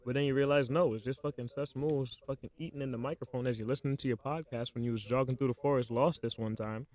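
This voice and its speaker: A man's voice: medium pitch, fairly even intonation, fast talker, darkish tone. A man hosting a casual solo podcast, talking in slangy, joking, playful bursts as he spins an improvised spooky story into his microphone. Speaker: podcast host.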